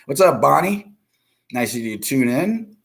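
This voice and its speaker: A man's voice: medium pitch, unhurried, gravelly. A man hosting a live stream, telling a rambling, profanity-heavy story and greeting viewers in chat as he goes. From South Florida. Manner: profane, animated, greets chatters mid-story.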